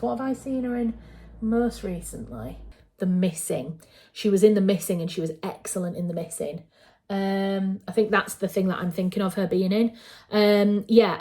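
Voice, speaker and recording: A woman's voice: medium pitch, a little mellow. A woman with a Yorkshire accent reacting to a film trailer in casual commentary. She is chatty and digressive, with frequent fillers and self-corrections. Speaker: writer and channel host.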